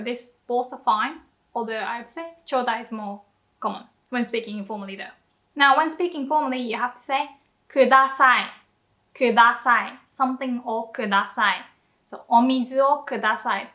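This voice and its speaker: High, bright-voiced woman teaching. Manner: lively explaining, frequent light laughter. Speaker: Japanese language teacher. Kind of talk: online language lesson.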